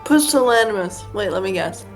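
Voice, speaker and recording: A woman's voice: mid-range voice, lively intonation, moderate pace, faint music behind. A woman co-hosting a gameplay video, chatting casually and teasing her partner. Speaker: co-host playing along. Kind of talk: casual chat.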